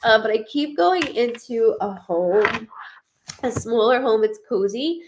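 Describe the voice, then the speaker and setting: A woman's voice: expressive, a little slow, noisy background. A chatty woman doing a live-streamed psychic reading over a webcam mic. She rambles and restarts, jokes at her own expense, and keeps talking to her online audience. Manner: chatty, rambling, self-deprecating, acts out quoted spirits in higher voice. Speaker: psychic medium.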